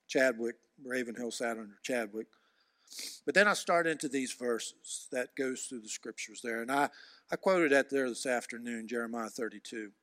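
A man preaching a sermon with emphatic repetition, swinging from loud shouts to hushed near-whispers. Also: medium pitch, no echo, studio quality.

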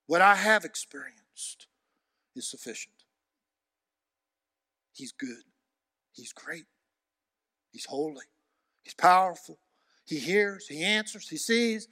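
A man preaching a sermon with emphatic repetition, swinging from loud shouts to hushed near-whispers. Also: on the high side, expressive, slow, pauses often, no room sound, clean studio sound.

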